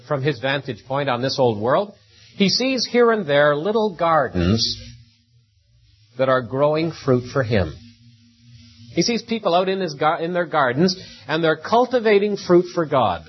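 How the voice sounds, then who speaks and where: A man's voice: medium pitch, breathy edge, muffled recording. A man preaching a sermon in a conversational way, often tagging rhetorical questions onto his points.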